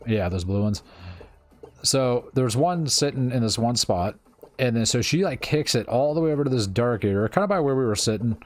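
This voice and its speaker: A man's voice: mid-range voice, expressive, moderate pace, no room sound. A man streaming a game, telling stories in a loose, profane, laid-back way and laughing often. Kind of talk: casual storytelling while gaming.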